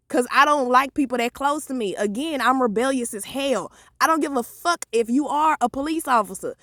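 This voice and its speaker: A woman, telling a profane, animated story in a vlog. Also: sits high, a little fast, hardly any pauses, no echo, clean studio sound. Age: 30s. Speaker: vlogger.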